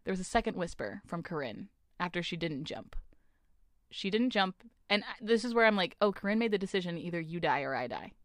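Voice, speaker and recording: Her voice is on the low side and brisk as she chats about a book, animatedly retelling the plot, cursing freely, and putting on voices for the characters. She's a young woman co-hosting the podcast, and the studio recording is dry and clean.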